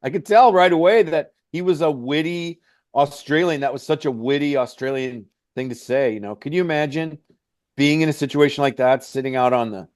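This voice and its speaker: A man's voice: fairly high pitch, a little fast, no echo. A middle-aged man, a mountain guide, telling a story in a casual, rambling way with lots of "like" and "hey, man".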